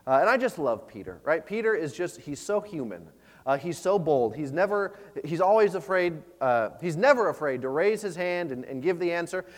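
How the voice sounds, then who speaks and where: A pastor giving an earnest, conversational sermon, often repeating words and using fillers. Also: male voice, a little high, big pitch swings, normal speed. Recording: long reverb of a large hall.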